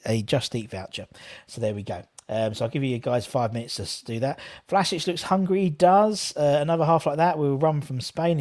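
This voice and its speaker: A man's voice: a little high, a little mellow. A young man hosting a live football watchalong, chatting casually and reading out viewers' comments. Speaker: fan channel host.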